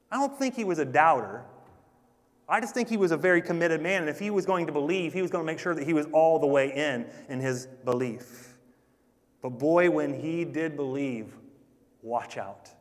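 Male pastor, fairly high voice, earnest emphatic preaching, long reverb of a church sanctuary. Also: animated, normal speed, long pauses. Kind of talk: sermon.

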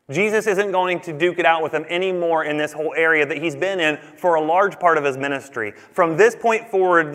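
Guy preaching, kinda high voice, chatty and animated, long echo like a big church. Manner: animated, conversational preaching with quick asides. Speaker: pastor. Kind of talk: sermon.

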